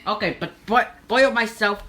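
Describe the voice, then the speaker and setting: A woman's voice: fairly high pitch, fairly bright tone. A woman voicing a bossy, hot-tempered customer who hires a chef, in a put-on Italian accent, for a homemade comedy skit. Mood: indignant. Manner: blustering, quick to rant and threaten.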